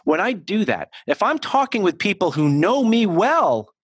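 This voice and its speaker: An American man in a podcast interview, coaching on speech, talking in an animated and emphatic way with frequent restarts. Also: high voice, normal speed, husky, dry recording. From United States. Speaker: communication coach, guest.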